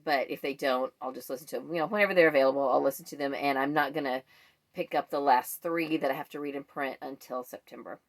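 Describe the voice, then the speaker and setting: A woman's voice: a bass voice, fast talker. A woman book vlogger chatting in a rambling way about the books she read this month. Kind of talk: casual book wrap-up chat.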